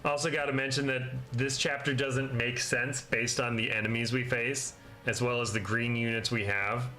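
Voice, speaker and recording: A man's voice: medium pitch, flat delivery, moderate pace, sharp tone, faint music behind. A man giving joking, chatty commentary over a video game playthrough. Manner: joking and chatty, with small laughs. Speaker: gaming video host. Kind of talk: casual let's-play commentary.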